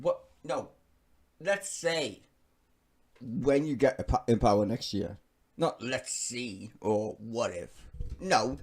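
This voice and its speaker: A man's voice: mid-range voice, a little mellow. A British man giving profane, scornful reaction commentary on his own channel. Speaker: YouTube commentator.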